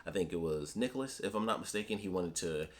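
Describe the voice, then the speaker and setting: In a casual solo review chat, a man talks loosely and ramblingly through a comic book, speaking fast in a slightly low voice. He grows animated as he retells scenes, slipping into the characters' lines.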